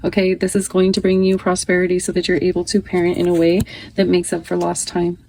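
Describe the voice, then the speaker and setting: A woman's voice: on the low side, monotone, fast talker, vocal fry, mellow, rough recording. A woman in her thirties giving a casual, chatty tarot reading, often reading card text aloud.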